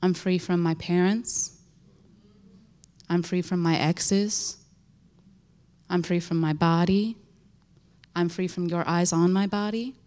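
A young woman giving an emotional, animated church testimony, telling a story with laughter and emphatic repetition. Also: lowish voice, slow pace, long pauses. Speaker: speaker sharing a testimony.

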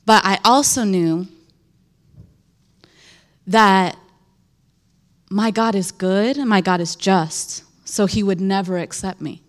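A woman giving a personal faith testimony, earnest and halting, with lots of "like" and restarts. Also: medium pitch.

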